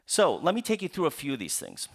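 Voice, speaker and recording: In a public lecture to a live audience, an author from the Upper Midwest US gives a book talk, talking fast in a voice somewhat high for a man, with vocal fry and huge pitch swings. He asks rhetorical questions, answers them, and tosses playful asides to the audience.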